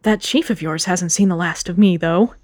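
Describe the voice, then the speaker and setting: A woman reading a hot-tempered female sheep villager aloud from a story, in quick, huffy tones. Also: on the low side, darkish tone, no room sound, studio quality, lightly acted.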